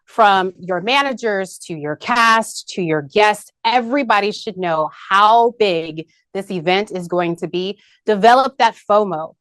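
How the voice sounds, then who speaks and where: A woman's voice: mid-range voice, no echo. A woman presenting to a team in an upbeat business meeting, peppy and rallying, repeating key points. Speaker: marketing presenter. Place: video call meeting.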